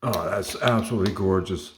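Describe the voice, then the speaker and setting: Man, deep voice, casual show-and-tell, enthusiastic, rambling, frequent fillers. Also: fairly quick, a little hiss or hum. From Canada. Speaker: collector showing model cars.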